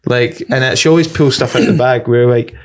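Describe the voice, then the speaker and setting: A man's voice: mid-range voice, a little fast. A Scottish man, a stand-up comedian, chatting on a podcast, swearing freely and rambling through stories. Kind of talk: casual podcast chat.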